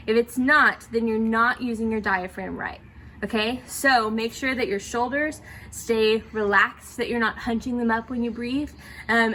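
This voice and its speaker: Bright-voiced woman leading breathing exercises. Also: fairly high pitch, slight background noise. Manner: encouraging, checks in with "okay?" often. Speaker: theatre teacher. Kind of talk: guided breathing exercise instruction.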